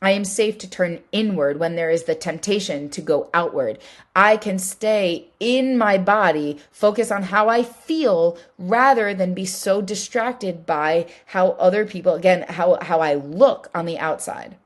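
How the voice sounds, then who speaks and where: A woman's voice: lowish voice, unhurried. A woman hosting a solo podcast, talking earnestly and emphatically in a casual way that includes swearing, and repeating her key phrases for weight. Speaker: podcast host.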